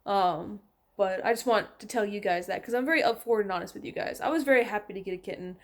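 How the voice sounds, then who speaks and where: A woman's voice: medium pitch, quick pace. Chatty young woman vlogging at home. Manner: chatty, talks to her cats in a baby voice. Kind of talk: casual chat to camera. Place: at home, indoors.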